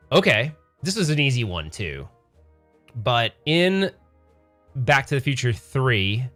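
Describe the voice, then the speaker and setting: A man's voice: medium pitch, a bit bright. Rambling man hosting a pinball stream. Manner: rambling, self-correcting, chatty with chat. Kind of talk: casual livestream commentary.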